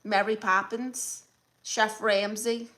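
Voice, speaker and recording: Sassy Brooklyn woman with a bright voice. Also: mid-range voice, flat delivery. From Brooklyn, New York. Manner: sassy, blunt, quick comebacks. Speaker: comedian hosting a live stream. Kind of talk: live stream, reading out chat comments.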